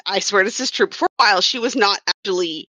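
A woman's voice: mid-range voice, quick pace, bright, forceful tone, no echo. A woman who worked as a comics writer and colorist, chatting casually on a podcast and rambling with wry self-corrections.

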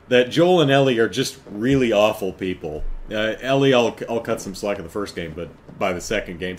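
A man hosting a casual live podcast chat, rambling, laughing often and correcting himself as he goes. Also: medium pitch. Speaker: podcast host.

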